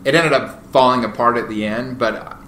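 Bright-voiced man telling rambling stories. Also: mid-range voice, normal speed. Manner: animated, rambling, many fillers and restarts. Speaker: podcast guest, real estate agent. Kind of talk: casual interview storytelling. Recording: roomy echo, faint noise.

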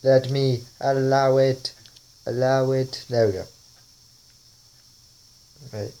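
Chatty man, slow and laughing. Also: medium pitch, fairly even intonation, dark tone. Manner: chatty, rambling, often laughs. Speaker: vlogger. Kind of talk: casual commentary while trying a face-swap app.

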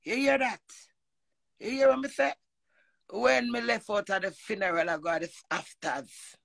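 A woman with a Jamaican accent telling a personal story in an animated monologue, emphatic and profane, often slipping into quoted speech. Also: mid-range voice, normal speed, gravelly, no echo, rough recording. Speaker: vlogger.

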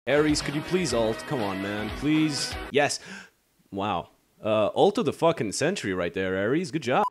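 A man's voice: medium pitch, sing-song, normal speed, over music. A man swearing his way through profane, sarcastic gameplay commentary, swinging between cocky boasts and exasperation. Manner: swears constantly, swings between mock bravado and frustration.

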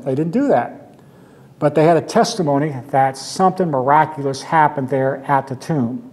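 A man's voice: fairly high pitch, lively intonation, normal speed, darkish tone. A man teaching a Sunday school class, talking conversationally, asking rhetorical questions and quoting scripture with emphasis.

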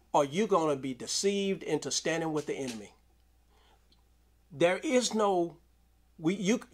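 Male preacher, high voice, AAVE, sermon delivery with call-outs. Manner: preaching with call-outs and scripture reading, rising to shouts. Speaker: pastor.

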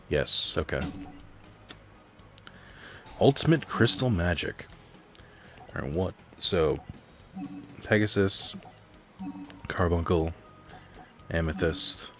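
A man's voice: very deep voice, a bit bright. A man thinking aloud while he plays a card game at home, rambling and reading out card text in casual commentary. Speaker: let's play host. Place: home apartment.

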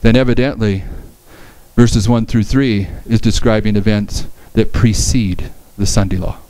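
A man's voice: on the low side, steady tone, a little slow, mellow, no room sound, rough recording. A man giving a Bible study lecture, reading verses aloud and explaining them with frequent restarts.

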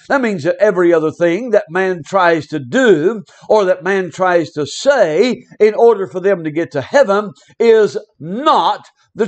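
A man preaching a radio sermon, emphatic and repetitive, speaking directly to the listener. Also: high voice.

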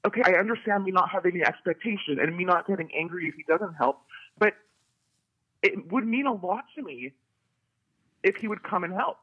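A woman's voice: on the low side, expressive, a little fast, long pauses, breathy edge, dry recording. A woman calling in to a talk show, talking earnestly about wanting her husband's help. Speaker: caller. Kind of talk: phoned-in talk show call. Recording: tinny phone line.

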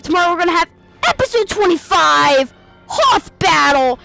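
A woman hosting a let's play video, giving excitable, playful commentary over the game and mimicking the characters. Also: very high voice, moderate pace, vocal fry, faint music behind. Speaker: gaming channel host.

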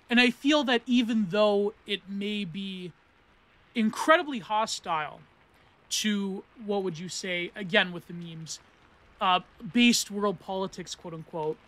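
A man's voice: high-pitched, pushed and bright. A man of thirty hosting a podcast book review, talking in a rambling, self-correcting way that mixes academic terms with meme slang. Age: 30s. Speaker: podcast host reviewing philosophy books. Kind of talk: casual spoken book review.

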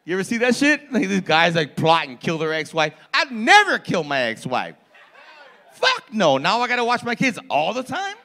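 A man in his forties doing crowd-work stand-up in a comedy club, loud and profane, teasing people in the audience. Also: high-pitched, huge pitch swings, moderate pace, gravelly. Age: 40s.

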